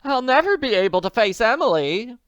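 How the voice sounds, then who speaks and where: Man playing Mrs. Willoughby: hysterical older lady, high and shrill, loud, dry read. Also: very animated, fairly quick, no room sound, exaggerated voice. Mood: frantic. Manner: shrill, frantic, screaming. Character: excitable, foolish older woman, hysterical guardian.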